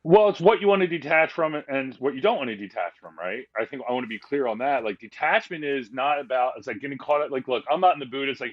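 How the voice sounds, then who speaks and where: A man's voice: mid-range voice, animated, fast, few pauses, highs cut off. A man talking as a guest on a podcast, speaking candidly and rambling with frequent fillers and restarts. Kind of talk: casual conversation.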